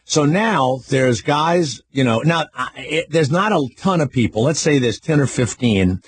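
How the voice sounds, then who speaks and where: An older man hosting a talk radio show, telling a story in a loud, animated way and acting out what people said. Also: fairly high pitch, a little slow, breathy edge, no echo. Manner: animated storyteller, acts out quotes.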